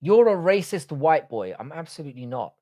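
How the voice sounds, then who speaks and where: A man's voice: a little high, very animated, a little fast, warm tone. A young man who grew up in the UK, hosting a live stream and reading out viewer comments in blunt, sweary casual chat. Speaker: livestream host.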